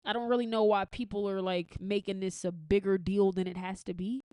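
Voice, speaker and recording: A woman's voice: mid-range voice, flat delivery, brisk, dark tone, clean tone, no echo. An American woman hosting a podcast, giving blunt, profane commentary in a casual, opinionated way with frequent restarts. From United States. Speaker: podcast host.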